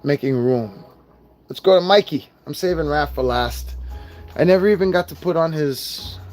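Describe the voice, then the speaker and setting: A man's voice: on the high side, normal speed, a little mellow, faint music behind. A young man ranting casually as he unboxes and reviews collectible figures, swearing often and venting his frustration. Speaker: toy reviewer.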